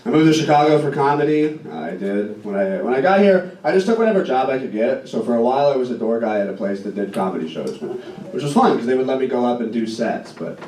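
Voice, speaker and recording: A young man from Indiana doing a stand-up set with self-deprecating, deadpan punchlines. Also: medium pitch, fast talker. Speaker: stand-up comedian. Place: comedy club stage. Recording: roomy club recording from far off. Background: audience laughter.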